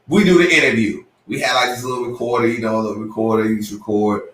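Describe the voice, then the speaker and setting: A man co-hosting a podcast, telling a story with lively acted-out quotes and sudden jumps in pitch. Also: quick pace, far from the mic. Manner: excitable, acts out quotes with big pitch jumps. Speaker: podcast co-host. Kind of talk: animated storytelling. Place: room at a live podcast show. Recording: roomy, from off the mic.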